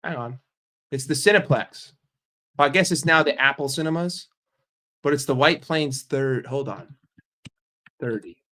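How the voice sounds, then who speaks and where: A man hosting a casual livestream, reading viewer comments aloud and answering them in a blunt, profane, animated way. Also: mid-range voice, a little slow, long pauses. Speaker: livestream host.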